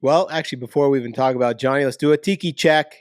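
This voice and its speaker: A man hosting a podcast in casual, energetic chat, joking and hyping up his co-host. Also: medium pitch, racing, no room sound, clean studio sound. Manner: energetic, hype, jokey.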